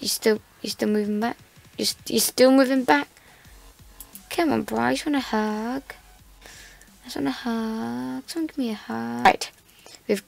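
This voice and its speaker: Gravelly, chatty woman gamer. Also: fairly high pitch. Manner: chatty, playful and self-mocking. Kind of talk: casual gameplay commentary. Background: faint background music.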